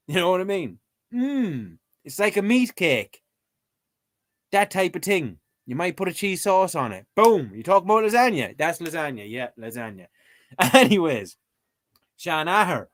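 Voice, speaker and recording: An Irish man streams himself playing a language-learning app, giving casual, comedic commentary full of jokes and mock outrage. His voice is a little high and a bit bright.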